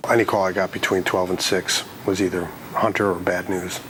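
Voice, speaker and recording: A man's voice: little pitch movement, a little fast. A man speaking with wry, dry humor in a casual interview, over a noisy recording. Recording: noisy recording with low rumble.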